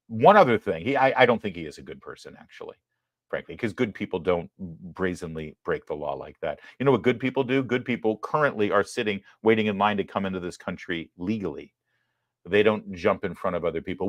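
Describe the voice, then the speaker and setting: Male host, lowish voice, sarcastic and emphatic, live political commentary, dry sound. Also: expressive, brisk, dry recording. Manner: sarcastic, emphatic, apologetic asides.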